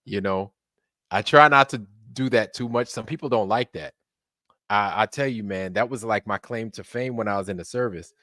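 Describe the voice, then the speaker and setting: Laid-back low-voiced male streamer. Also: normal speed, pushed and bright, no room sound, clean studio sound. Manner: laid-back, chatty, laughs often, says "man" a lot. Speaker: livestream host. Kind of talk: casual live-stream chat.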